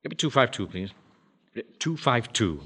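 An actor playing a pompous, blustering middle-aged bank manager who commands a home defence platoon. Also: male voice, mid-range voice, very animated, moderate pace, bright, forceful tone, husky, full character voice. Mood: boastful. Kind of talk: broadcast sitcom acting.

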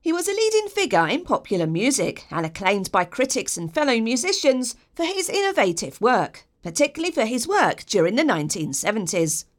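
A woman's voice: on the high side, big pitch swings, a little fast, hardly any pauses. A woman narrating a scripted biography, informative with wry personal asides. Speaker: documentary narrator.

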